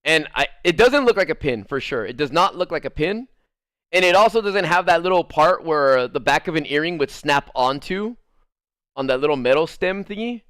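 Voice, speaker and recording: A man's voice: fairly high pitch, expressive, normal speed, fairly bright tone, smooth, dry recording, studio quality. A young man telling a rambling story in casual chat, full of fillers and swearing, laughing at the funny parts. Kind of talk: casual storytelling over gameplay.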